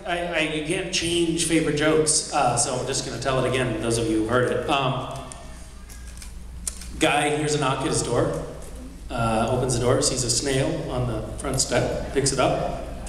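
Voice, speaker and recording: A man on a convention panel telling a favorite joke in a chatty, laughing way. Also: a little high. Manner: animated, laughing storyteller. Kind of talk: joke telling, casual chat. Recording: echoey hall, far mic, loud hiss.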